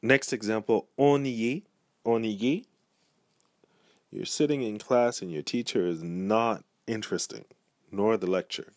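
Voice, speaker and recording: A man's voice: on the low side, normal speed, dry recording, studio quality. A man giving a pronunciation lesson, speaking patiently and repeating each example word. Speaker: language teacher. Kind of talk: pronunciation tutorial.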